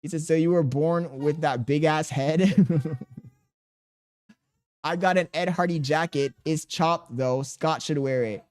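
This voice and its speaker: Male streamer, thirties, a bit higher pitch, loose joking banter with chat. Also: unhurried, a little mellow. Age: 30s. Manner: joking, laughing, reads chat aloud, crude banter. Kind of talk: casual live-stream chat reading.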